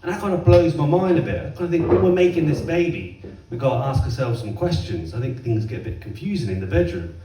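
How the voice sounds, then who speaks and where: Man, 30s, stand-up comedy, self-mocking, slightly high voice, roomy club, distant mic. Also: lively intonation, quick pace, background noise. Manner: chatty, self-mocking, acts out voices with loud bursts. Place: comedy club stage, heard from across the room. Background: faint audience laughter.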